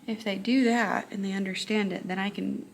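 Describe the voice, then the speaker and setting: A tired young woman with a Texan accent, a high school math teacher chatting casually in a vlog and often dropping to a whisper. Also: fairly even intonation, normal speed, gravelly.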